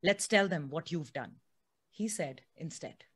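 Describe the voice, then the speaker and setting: A woman's voice: sits low, lively intonation, a little slow, fairly bright tone, slightly rough. A woman podcast host, chatting with her guest then reading a book excerpt aloud.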